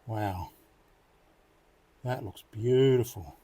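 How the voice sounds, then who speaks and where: Mellow-voiced man muttering while sharpening knives. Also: fairly low pitch, very slow. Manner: chatty, muttering to himself while working. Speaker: knife sharpening channel host. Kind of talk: casual hands-on demonstration.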